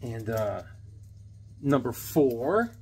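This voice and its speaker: Husky, animated man in his seventies. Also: mid-range voice, drawn-out words. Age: 70s. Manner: enthusiastic, rambling, jokey. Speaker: comic book collector showing a haul. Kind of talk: casual haul video chat.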